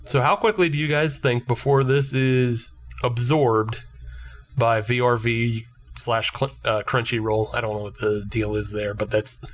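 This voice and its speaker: A man's voice: medium pitch, steady tone, unhurried. A man co-hosting a podcast in casual chat, laughing often and joking at his own expense. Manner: laughs often, jokey and self-mocking. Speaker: podcast co-host.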